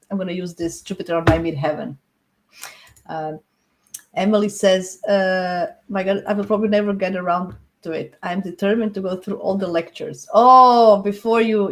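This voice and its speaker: Woman host, chatty and encouraging, mid-pitched, live-stream astrology chat. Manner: chatty, encouraging, laughs often.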